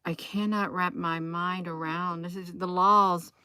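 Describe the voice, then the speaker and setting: A woman's voice: on the low side, fairly even intonation, measured pace, few pauses, bright, forceful tone, clean tone, no room sound, clean studio sound. A woman vlogging into her phone, thinking aloud in a casual, rambling way and often restarting her sentences.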